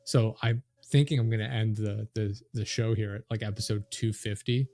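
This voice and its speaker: A man's voice: fairly low pitch, steady tone, moderate pace, darkish tone, no echo. A young adult man hosting a podcast, chatting loosely and jokingly with lots of fillers. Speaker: podcast host. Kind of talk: casual podcast chat.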